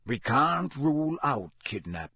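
Guy doing a growly old wizard, husky, slow clipped talk, dry sound. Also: medium pitch, very animated, bright, forceful tone, dry recording, exaggerated voice. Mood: gruff. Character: gruff grizzled old male wizard auror. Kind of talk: audiobook character voice.

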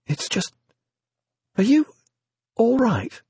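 Give me a man reading an earnest young woman for an audiobook, breathy and high. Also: wildly swooping pitch, slow, dark tone, dry recording, full character voice. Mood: concerned.

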